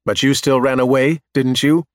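A man's voice: medium pitch, fairly even intonation, normal speed, no echo, close to an everyday voice. A man voicing a menacing four-legged male robot that presses and threatens, in a dry recording. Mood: cold, pushy. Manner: insistent, threatening.

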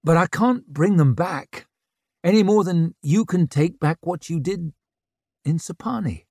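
A man playing a crippled young lord in an audiobook, his voice pitched up and strained with grief and temper. He speaks slowly, raw and close to the mic. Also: a little mellow, no echo. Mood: raw pained. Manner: raw, pleading, quick to anger. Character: wounded, hot-tempered one-legged young lord.

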